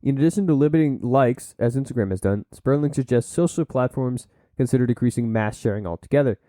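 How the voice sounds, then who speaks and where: A man's voice: mid-range voice, quick pace, dark tone, no echo. A man hosting a solo podcast, reading from sources and breaking off into blunt asides and silly put-on voices. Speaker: podcast host.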